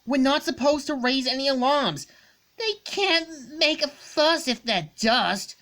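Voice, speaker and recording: A woman voicing a brash, hot-headed young female fighter, reading comic dialogue in a cocky, loud manner. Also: high-pitched, a little slow, pitched above the performer's own voice.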